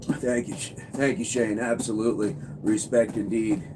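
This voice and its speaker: A man's voice: lowish voice, steady tone, normal speed. A man coaching fitness on a casual livestream, upbeat, reading and answering viewer comments. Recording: noisy background.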